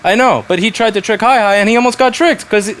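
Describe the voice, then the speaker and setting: Guy ranting at his repair shop staff, blunt and swearing a lot, voice a bit high, faint noise around. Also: quick pace, a bit bright. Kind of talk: casual workplace talk.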